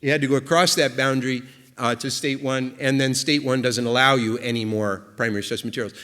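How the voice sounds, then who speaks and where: A man delivering an academic conference talk at a middle pitch, thinking aloud as he goes, with lots of fillers and restarts. His voice carries the long reverb of a lecture hall. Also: fairly even intonation, a little fast, sharp tone, clear, resonant tone. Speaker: invited speaker.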